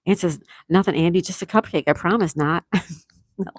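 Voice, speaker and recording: Middle-aged lady reading her stream chat, giggly and affectionate, lowish voice, dry close sound. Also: fairly quick, no room sound. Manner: chatty and affectionate, laughs often while reading comments aloud. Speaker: livestream host reading chat. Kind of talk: casual live chat.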